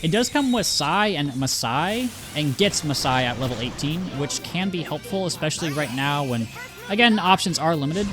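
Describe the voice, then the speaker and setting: A man's voice: fairly high pitch, expressive, moderate pace. Chatty rambling gamer guy over game music. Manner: chatty, rambling, self-interrupting, laughs easily. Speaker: let's-play gamer. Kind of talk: casual game commentary.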